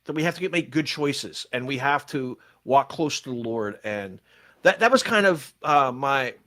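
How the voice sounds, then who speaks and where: An older man, a pastor and podcast host, telling stories in casual church podcast chat with animated, quick bursts. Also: medium pitch.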